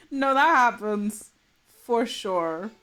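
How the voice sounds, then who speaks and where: A woman streaming live, chatting casually and laughing often while she mutters to herself over her drawing. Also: on the high side. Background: soft game music.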